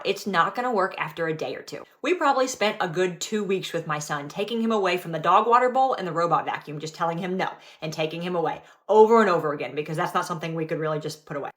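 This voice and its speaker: Low-voiced young mom giving tips. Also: female voice, quick pace, few pauses. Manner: direct, practical, instructive. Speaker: mom sharing cooking and parenting tips. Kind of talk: casual tips to camera.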